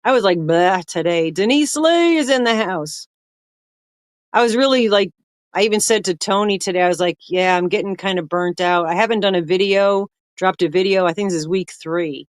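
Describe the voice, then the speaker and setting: A woman's voice: medium pitch, normal speed, no room sound, studio quality. Chatty older woman hosting a livestream. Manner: chatty, greets viewers by name, rambling. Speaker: livestream host. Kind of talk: casual livestream chat.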